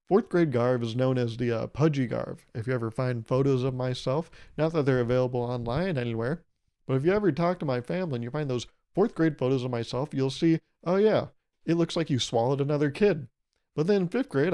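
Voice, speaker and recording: In a mellow, mid-range voice, a man in his twenties rambles through a solo podcast monologue. He jokes around, swears freely, and acts out short quoted exchanges.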